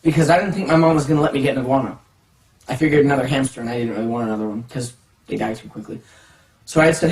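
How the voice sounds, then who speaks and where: A storyteller telling a funny childhood story in a casual, dramatic way, jumping from hushed asides to excited outbursts. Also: medium pitch, quick pace. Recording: echoey room, distant mic, faint music.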